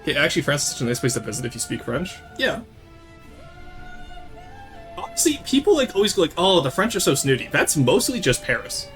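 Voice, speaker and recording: A man's voice: fairly high pitch, a little fast, long pauses, soft background music. A young man from Quebec chatting casually on a livestream, answering viewers, cursing and laughing freely. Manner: animated, switches into French, swears and laughs freely. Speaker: streamer.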